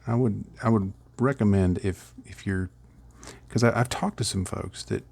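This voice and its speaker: A man's voice: lowish voice, normal speed, vocal fry, a little mellow, slightly rough, no room sound. A middle-aged man casually rambling through a miniature painting tutorial, chuckling at his own slips.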